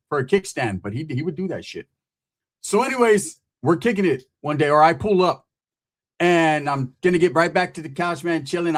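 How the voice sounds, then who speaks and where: A man from California telling a rambling, profane street story in casual talk, acting out the other people in it. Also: a little high.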